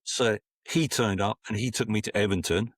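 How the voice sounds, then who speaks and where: A Scottish podcast guest in his sixties delivers meandering anecdotes, often starting over and acting out quotes. His pitch is fairly low and his pace moderate, recorded dry in studio quality.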